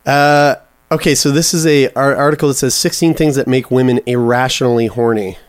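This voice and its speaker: A man's voice: mid-range voice, steady tone, a little fast, smooth, no room sound. Profane, joking male podcast co-host. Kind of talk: casual podcast banter. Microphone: studio mic.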